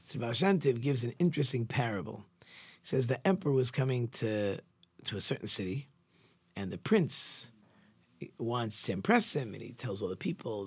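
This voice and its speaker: Husky rabbi telling a lively story. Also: male voice, medium pitch, moderate pace, no room sound. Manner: animated storyteller acting out characters' lines. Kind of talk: sermon storytelling.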